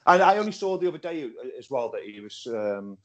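A man's voice: medium pitch, brisk, lo-fi sound. A man hosting a casual podcast chat over a Skype call, telling stories with lots of restarts. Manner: animated storytelling with repeated restarts. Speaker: podcast host and wrestling promoter.

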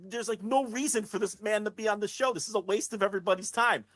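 A man's voice: high-pitched, fast talker, no room sound. Blunt, swearing male podcast co-host. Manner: blunt, swears, animated when mocking fans. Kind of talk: casual wrestling podcast chat.

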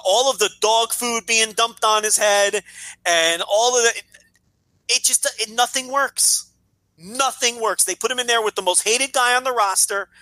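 A man on a podcast vents about wrestling, sarcastic and fed up. His voice is bright and forward. The recording is dry and close to the mic, with no room sound. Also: sits high, dry recording, rough recording. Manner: exasperated, sarcastic, profane. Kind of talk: casual ranting chat.

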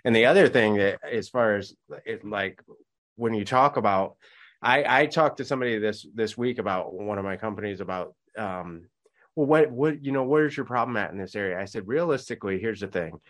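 A man's voice: fairly low pitch, animated, fairly quick, fairly bright tone. A man hosting a podcast interview, talking in a rambling way with many restarts. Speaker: podcast host. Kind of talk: casual interview chat.

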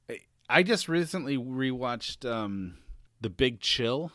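A man's voice: medium pitch, expressive, slow pace, pushed and bright, dry recording. Chatty podcast guy reading off his notes, dry room, laughs a lot. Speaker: podcast co-host. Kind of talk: casual chat.

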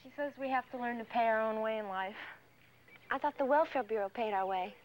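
A woman's voice: a little high, brisk, a little hiss or hum, pitched above the performer's own voice, close to an everyday voice, rough recording. A young woman speaking lines in a 1970s film clip. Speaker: film characters, teenage orphan girls.

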